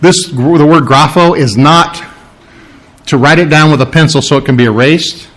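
A man's voice: on the high side, normal speed, fairly bright tone. A man preaching a sermon, teaching through a Bible passage with emphatic, repeating phrases. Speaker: pastor.

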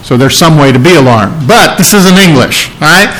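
A middle-aged male preacher giving a conversational sermon, often restarting phrases and clearing his throat. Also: a little high, lively intonation, normal speed, fairly bright tone, poor audio.

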